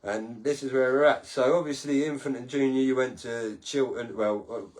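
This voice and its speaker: A man's voice: mid-range voice, steady tone, normal speed, a little mellow. A man hosting a casual podcast-style livestream, talking in a rambling, sweary way and laughing at his own stories. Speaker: livestream host.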